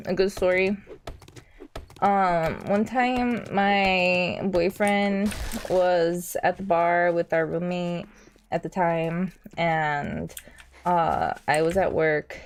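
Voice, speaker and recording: A woman's voice: fairly low pitch, a little hiss or hum. A young woman streamer in casual chat while gaming, rambling and self-deprecating, full of fillers.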